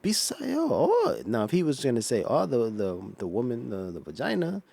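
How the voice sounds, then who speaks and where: A man giving an explaining commentary on a clip, slow and patient, with many fillers and restarts. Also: mid-range voice, big pitch swings, creaky, warm tone. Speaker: reaction vlogger.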